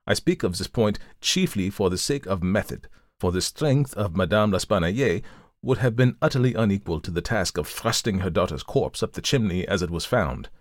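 A man voicing a calm, methodical male detective who reasons aloud in a measured, lecturing way, in an audiobook reading. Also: lowish voice, no room sound, studio quality.

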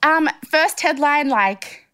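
A woman's voice: high-pitched, lively intonation, takes it slowly, a bit bright. A woman hosting a podcast in casual chat from a safari tent, giggly and rambling. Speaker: podcast host.

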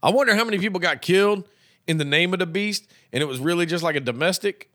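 A man's voice: high-pitched, lively intonation, fast talker, pushed and bright. A young man co-hosting a podcast, joking and swearing in slangy casual chat. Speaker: podcast co-host.

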